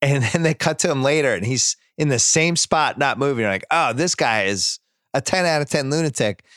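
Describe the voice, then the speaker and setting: A man of middle pitch recaps a TV show in relaxed, lively chat. He leans into the story and slips into brief impressions of the characters. His voice sits close and dry, with no room around it. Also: no echo. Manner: animated retelling, acts out scenes in quick voices. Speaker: podcast host.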